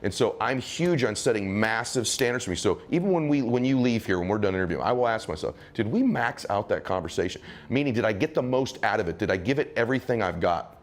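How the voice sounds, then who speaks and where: A man's voice: lowish voice, lively intonation, fast talker, few pauses. A man giving motivational answers in an interview, speaking emphatically in punchy, repetitive phrases.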